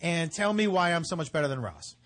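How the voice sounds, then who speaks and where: A man's voice: fairly high pitch, big pitch swings, brisk, a bit bright. A man co-hosting a radio show, boisterous and joking, teasing his co-host. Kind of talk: casual radio show banter.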